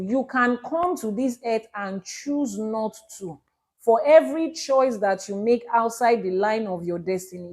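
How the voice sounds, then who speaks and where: A woman's voice: medium pitch, a little mellow, husky. A Nigerian woman, an Ifa priestess, teaching on a live stream and answering viewers' questions, explaining with examples and repeating her key points. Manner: explains with examples and repetition, emphatic.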